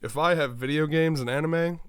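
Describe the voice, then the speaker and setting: Loud, crude joking man. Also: fairly high pitch, normal speed, smooth, dry recording, studio quality. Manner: crude, joking, laughs often, loud bursts. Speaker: podcast co-host. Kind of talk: casual chat.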